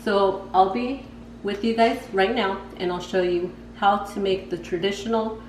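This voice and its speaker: In an echoey home kitchen with background noise, a woman runs a casual cooking vlog, talking directly to viewers in a chatty, slang-filled way. She has a medium-pitched voice, a steady tone and a measured pace.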